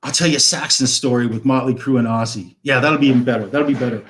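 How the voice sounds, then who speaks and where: A man's voice: mid-range voice, quick pace. Rambling storyteller man in his fifties. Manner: rambling, swears freely, acts out quoted dialogue. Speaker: guest. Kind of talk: casual storytelling on a live stream.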